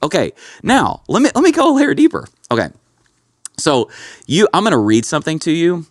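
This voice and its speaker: Animated man telling stories. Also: fairly high pitch, fairly quick, dry recording, studio quality. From Kentucky. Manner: animated storytelling, calls his co-host bro and dude. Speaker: pastor and podcast host. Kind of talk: casual podcast chat.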